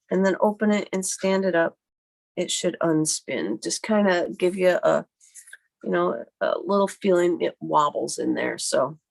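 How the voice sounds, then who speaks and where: A woman hosting a live card-making tutorial from her home craft desk, chatty and rambling as she thinks aloud, her voice a little hoarse from a cough. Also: on the low side. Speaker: card-making livestream host. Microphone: computer webcam mic at her desk.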